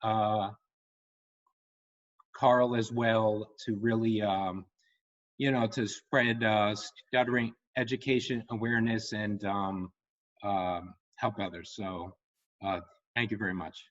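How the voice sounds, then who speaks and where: A man who stutters on repeated sounds and fills pauses with um and you know, sharing personal thoughts in a meeting. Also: lowish voice, steady tone, lo-fi sound. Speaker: meeting participant.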